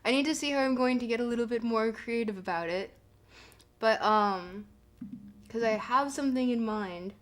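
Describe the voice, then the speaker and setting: Chatting casually with her viewers, this streamer speaks at a normal speed in a fairly high pitch. Her livestream talk wanders, broken up by giggles and many filler words.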